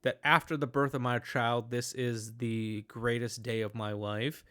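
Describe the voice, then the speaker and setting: A man's voice: medium pitch, measured pace. Man in a casual movie chat. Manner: animated, rambling with restarts and fillers. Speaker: podcast host.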